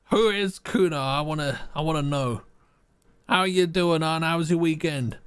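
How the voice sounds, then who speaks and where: A playful man streaming a game, reading choices aloud and joking with viewers. His voice is smooth and slightly high, recorded close and dry. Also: moderate pace, no echo. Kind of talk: live game playthrough, reading aloud and chatting.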